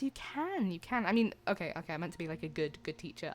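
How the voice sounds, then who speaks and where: A woman's voice: on the low side, big pitch swings, quick pace, few pauses, faint music behind. A young woman chatting playfully with her stream viewers, rambling and giggling. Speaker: livestreamer. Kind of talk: casual chat with viewers.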